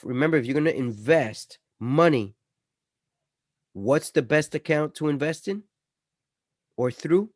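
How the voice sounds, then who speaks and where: A man's voice: a little high, lively intonation, unhurried, long pauses, dry recording, clean studio sound. Chatty man hosting an investing video. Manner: chatty, swings between loud emphasis and dropping quiet. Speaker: investing channel host. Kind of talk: casual screen-share commentary.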